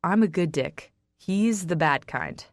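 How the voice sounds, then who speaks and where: A blunt teenage boy who swears freely and teases his best friend, put on by a woman reading an audiobook. The lines come slowly and close to the mic, with no room around them. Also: on the low side, expressive, dry recording. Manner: curses bluntly, teasing. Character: blunt protective teenage boy, crude and teasing.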